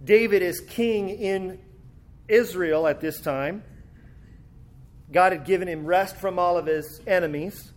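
A man's voice: high-pitched, measured pace, pauses often. A man preaching a sermon in a conversational way, often restarting his words as he explains a passage. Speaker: pastor.

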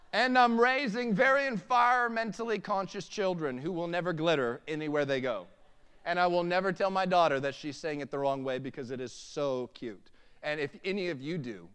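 A man's voice: sits high, moderate pace, a bit bright, clear, resonant tone. A man in his thirties preaching a sermon, mixing humorous family stories with emphatic preaching in a church hall. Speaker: pastor. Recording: long hall reverb.

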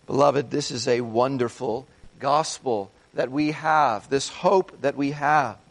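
A man preaching a sermon as pastor, earnest, moving between hushed passages and emphatic ones. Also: mid-range voice, slow pace, creaky.

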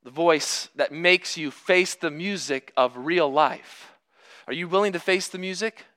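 A man's voice: on the high side, unhurried. Earnest preacher man with a light voice. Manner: earnest, swings from hushed to emphatic. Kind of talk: sermon.

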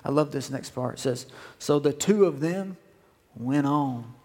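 Guy preaching a sermon, kinda high voice, long echo from the church hall. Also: unhurried. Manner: animated preacher, repeats phrases, asks the congregation questions. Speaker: pastor.

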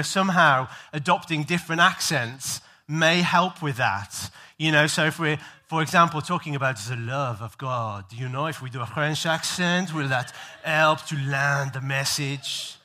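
A man's voice: a little high, bright, forceful tone. A male preacher giving a conversational sermon to his congregation in a church, full of self-deprecating jokes and loose fillers.

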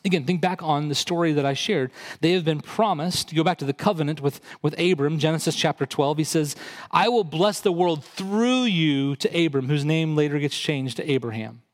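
A man's voice: steady tone, fairly quick, hardly any pauses. A male pastor preaching a sermon, explaining scripture conversationally and rising in intensity for emphasis. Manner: rises in pitch and intensity when quoting and emphasizing.

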